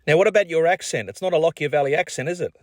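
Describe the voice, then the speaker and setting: A man's voice: fairly high pitch, racing, no room sound. A man with an Australian accent hosting a radio sports show, asking upbeat leading questions. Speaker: radio host. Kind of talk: radio interview.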